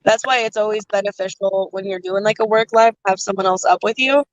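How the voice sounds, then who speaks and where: A woman hosting a livestream, chatting casually and loudly over a phone from inside a noisy car. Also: mid-range voice, a little fast, no room sound, dull audio. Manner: loud, projecting voice. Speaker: livestream host. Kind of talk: casual chat.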